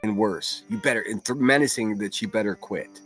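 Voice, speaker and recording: A man's voice: fairly low pitch, fairly quick, a bit bright, faint music behind. A man hosting a solo livestream, giving blunt, profane and mocking reaction commentary.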